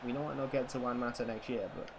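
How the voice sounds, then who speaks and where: A male streamer commentates his own football video game and chats with the audience, prone to excitement, cursing, and loud bursts of shouting. He talks fast at a medium pitch, with noise in the background.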